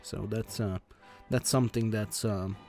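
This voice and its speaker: A man with a soft, mellow voice talks through a computer game as he plays. He reads its text aloud without doing voices and stumbles often, filling pauses with "uh". Quiet game music sits faintly underneath. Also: lowish voice, fairly even intonation. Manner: hesitant, halting with many uh fillers and restarts; plain reading without character voices. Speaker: let's play host. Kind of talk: gameplay commentary, reading game text aloud.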